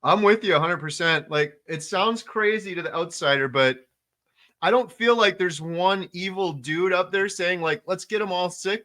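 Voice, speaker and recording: A man hosting a relaxed interview podcast, his voice bright and forward and pitched a bit high for a man. He talks with eager emphasis, stacking repeated words and casual fillers. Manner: enthusiastic, repetitive emphasis, frequent fillers. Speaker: podcast host.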